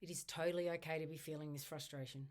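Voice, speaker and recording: Low-voiced woman leading tapping affirmations. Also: steady tone, a little mellow. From Australia. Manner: slow repetitive affirmations, first person. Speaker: EFT tapping instructor. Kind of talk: guided tapping script spoken aloud.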